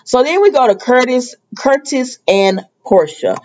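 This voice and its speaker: A woman's voice: high voice, very animated, measured pace, a little mellow, lo-fi sound. A woman chatting through a casual, slangy recap of a soap opera episode and slipping into the characters' lines as she goes.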